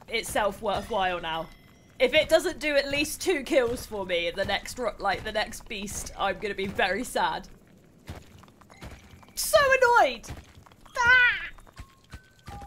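A young British woman hosting a casual gameplay livestream, excitable, chatty and quick to mock herself. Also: a little high, a little hiss or hum. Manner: excitable, chatty, self-mocking. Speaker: streamer host.

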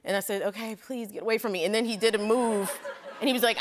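A woman in her thirties, a talk show guest telling an animated story, laughing as she goes and acting out the people in it. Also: mid-range voice, very fast, slight background noise. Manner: lively, laughing storyteller doing voices. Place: TV studio with live audience.

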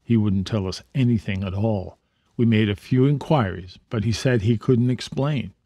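A man reading as a steady teenage boy. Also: on the low side, moderate pace, no echo, studio quality. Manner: steady, modest. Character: sensible teenage boy, the elder brother.

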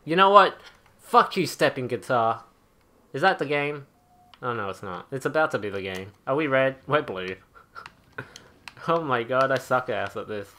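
A man's voice: mid-range voice, expressive, moderate pace, long pauses, bright, forceful tone. A man ranting angrily over gameplay, profane and exasperated, as a gaming channel host. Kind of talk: angry gameplay rant.

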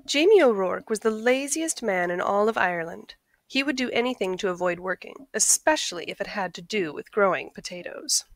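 A woman reading a picture book aloud in a friendly, expressive storytelling voice. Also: mid-range voice, fairly quick, no room sound. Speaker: storybook reader.

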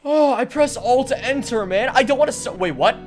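A young man doing let's play commentary, hyper and rambling, joking around and breaking into sudden loud outbursts. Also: very high-pitched, expressive, a little fast. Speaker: gaming commentator. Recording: faint game music behind.

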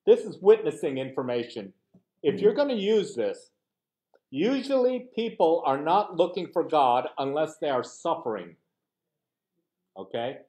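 A pastor from the United States, his voice medium-pitched with a darkish tone, leads a Bible study in a conversational manner. He poses rhetorical questions and performs brief quoted exchanges.

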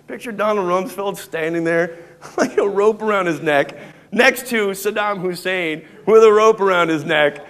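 High-voiced American stand-up comic. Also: male voice, moderate pace. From United States. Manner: animated, slips into mock voices and Dutch phrases. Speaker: stand-up comedian. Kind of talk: live stand-up comedy. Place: theater stage before a laughing audience.

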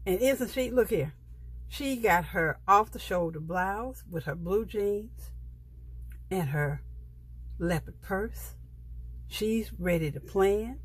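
A middle-aged woman talks her viewers through a sticker book. Her voice is soft and a little husky, and she speaks in an unhurried, chatty way. She gushes over each page. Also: medium pitch, no echo. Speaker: planner vlogger. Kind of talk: casual show-and-tell of a sticker book.

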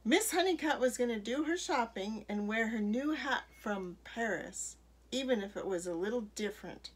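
A woman reading a children's picture book aloud in an expressive way. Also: a little high, breathy edge. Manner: expressive, slow read-aloud. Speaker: storyteller.

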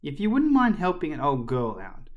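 A man's voice: on the high side, wildly swooping pitch, normal speed, phone-quality sound. A man reading aloud, voicing a chirpy, batty, very old headmistress in a storybook. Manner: chirpy and jolly.

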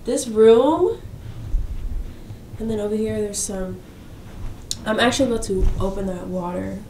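A young woman vlogging casually from a hotel room, gushing and excitable, sometimes dropping to a whisper. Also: medium pitch, a little slow, roomy sound, distant mic, a little hiss or hum. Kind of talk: casual vlog chat.

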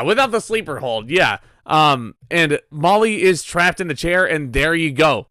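A man's voice: fairly high pitch, bright, forceful tone, no room sound. A man cohosting a podcast, giving opinionated takes on a wrestling show, full of ums. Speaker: guest cohost. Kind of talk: casual wrestling review chat.

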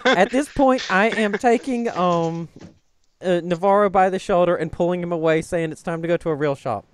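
A high-voiced man cracks jokes and teases his friends while playing a tabletop game, with a casual, goofy delivery. His voice sounds close and dry. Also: moderate pace, clear, resonant tone, dry recording. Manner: joking, teasing banter. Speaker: player.

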